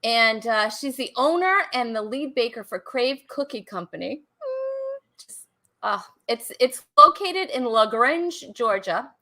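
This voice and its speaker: A woman's voice: on the high side, very animated, a little slow, sharp tone. A middle-aged woman hosting a live talk show on a video call, friendly and hesitant, with plenty of fillers.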